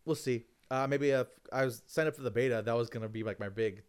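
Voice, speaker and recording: A man co-hosting a casual podcast about fighting games, talking in a relaxed, hesitant way. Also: mid-range voice, fast talker, clear, resonant tone. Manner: relaxed, hesitant, many fillers and restarts. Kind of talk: casual gaming chat.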